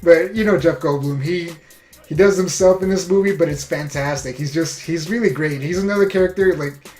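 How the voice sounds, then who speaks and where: A man with a slightly high voice gives a casual movie review, eager and loose, leaning on "you know" and "like". The room sounds echoey, with faint music under him. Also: fairly quick, darkish tone. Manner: enthusiastic, full of "you know" and "like".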